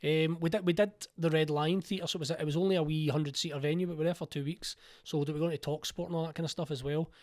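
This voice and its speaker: Glaswegian male, 40s, rapid and keen, rambling interview guest. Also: fairly high pitch, steady tone, a little mellow. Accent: Glaswegian Scottish. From Scotland. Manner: fast, eager, rambling with restarts. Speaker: playwright and producer, interview guest. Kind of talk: casual interview chat.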